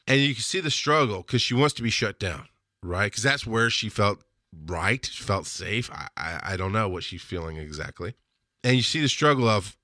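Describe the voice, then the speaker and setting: A middle-aged man hosts his show in a casual, wandering monologue, correcting himself as he goes and often laughing. His voice is bright and forward, heard close and dry with no room sound. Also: fairly low pitch, moderate pace, no room sound. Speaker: podcast host.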